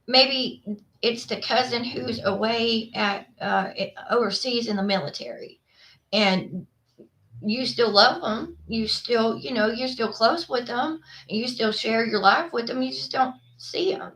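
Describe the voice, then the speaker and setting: A woman's voice: fairly high pitch, unhurried, fairly bright tone. A woman hosting her own vlog, talking casually to her viewers in a rambling way with lots of fillers and restarts. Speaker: vlog host.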